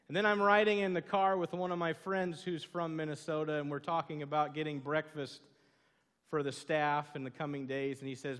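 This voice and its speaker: Southern guy preaching, slightly high voice, chatty storyteller, big echoey hall. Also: flat delivery, brisk, a bit bright. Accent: Southern American. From southern United States. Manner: storytelling, conversational, asks the congregation questions. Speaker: pastor. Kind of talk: sermon. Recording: long hall reverb.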